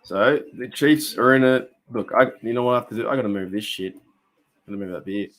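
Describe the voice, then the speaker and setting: A man's voice: medium pitch, fairly quick, fairly bright tone. A young Australian man hosting a casual live stream, reacting to a game and chatting with viewers in a loose, rambling way. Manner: chatty, rambling, reads out chat comments.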